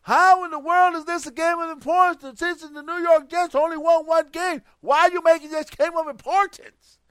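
A man voicing an exasperated male football fan with a Jamaican accent, asking pointed questions in a mock high voice. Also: fairly even intonation, moderate pace, a bit bright, no echo. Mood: incredulous.

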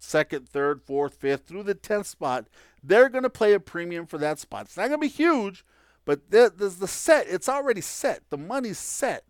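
Chatty man with a smooth, dry voice. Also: a little high, no room sound. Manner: chatty, opinionated, with many fillers. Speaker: podcast host. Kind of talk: casual sports podcast commentary.

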